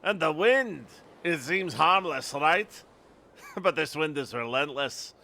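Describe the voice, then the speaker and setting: A man doing a gruff Scottish lighthouse keeper. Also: a little high, expressive, slow pace, pushed and bright, full character voice. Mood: ominous. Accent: put-on Scottish.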